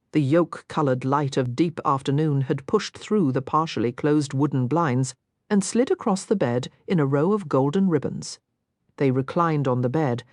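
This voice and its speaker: A woman narrating a romance audiobook in an intimate, expressive reading. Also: sits low, no room sound, studio quality. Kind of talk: scripted narration.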